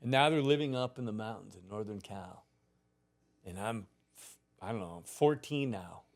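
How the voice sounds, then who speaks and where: Animated, laughing man around sixty. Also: on the low side, moderate pace. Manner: animated, profane, laughs through his stories. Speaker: podcast guest. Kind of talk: casual storytelling.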